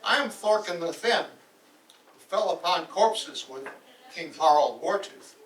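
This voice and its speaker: A man's voice: on the high side, animated, a little slow, fairly bright tone, far from the mic, a little hiss or hum. A man voicing a boastful male demon from hell who chats about its torments, heard from across a roomy hall.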